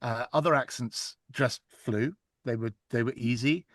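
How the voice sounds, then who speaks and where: A man talks about his narrating work in a relaxed, animated interview, his voice sitting at an ordinary middle pitch. The sound is dry and close, with no room around it. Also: unhurried, no echo. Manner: chatty, animated storytelling with laughs. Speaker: audiobook narrator, guest. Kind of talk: casual interview chat.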